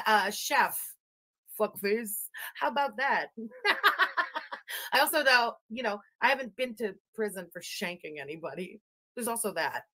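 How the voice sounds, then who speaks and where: A woman's voice: high voice, pushed and bright. A woman doing profane, mocking reaction commentary, ranting at the clips she plays. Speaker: commentary streamer.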